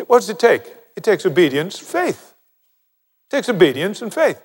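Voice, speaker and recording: Older guy preaching, lively storyteller, slightly high voice, big reverby hall. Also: moderate pace, slightly rough. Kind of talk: sermon.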